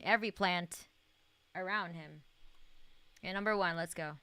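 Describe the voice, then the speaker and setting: A woman's voice: mid-range voice, unhurried, sharp tone, clear, resonant tone, dry recording. A young woman streaming a video game, chatting casually in a rambling way, full of fillers and swearing and laughing often. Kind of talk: casual live-stream gaming chat.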